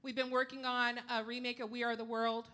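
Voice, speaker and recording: A woman's voice: fairly high pitch, flat delivery, brisk, bright, forceful tone, clean tone. A middle-aged woman from Yakima, Washington, doing a brash, salty stand-up set on a live stage. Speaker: stand-up comedian. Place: live comedy stage before an audience.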